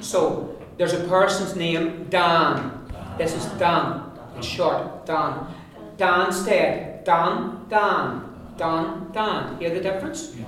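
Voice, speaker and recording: A man teaching a pronunciation class, patiently repeating words slowly for learners. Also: high voice, a bit bright. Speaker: Irish language teacher. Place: classroom with students. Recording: echoey classroom from far off, group around.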